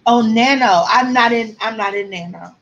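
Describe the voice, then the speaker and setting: A woman's voice: on the high side, normal speed, a bit bright, lo-fi sound. A woman author chatting with her viewers on a livestream, answering comments and close to tears at times. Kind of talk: casual livestream chat.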